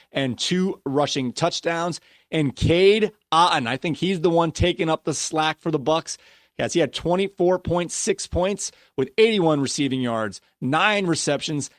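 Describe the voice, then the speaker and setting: On a casual fantasy football podcast, the host, a man whose voice sits on the high side, runs through player stats while ranting and chuckling at himself. His recording is dry and studio-clean.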